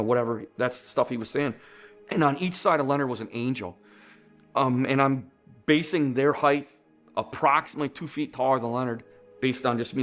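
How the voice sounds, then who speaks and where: A middle-aged man giving a personal testimony in an earnest way, often searching for words. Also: medium pitch. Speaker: near-death experience witness.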